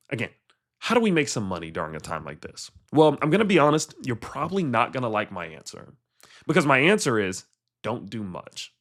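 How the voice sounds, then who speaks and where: A man's voice: mid-range voice, a bit bright. A man guest-hosting an investing channel, delivering crypto market commentary in emphatic, repetitive runs of phrases.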